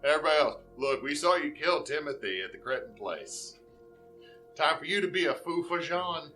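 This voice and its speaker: A put-upon pirate grumbles about his bad luck in a raised, exasperated voice. The sound is bright and lively, as a man acts it out for a joke. Faint music plays behind. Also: a little high, moderate pace, pitched above the performer's own voice, rough recording. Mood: grumbling. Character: grumbling pirate man stuck guarding treasure.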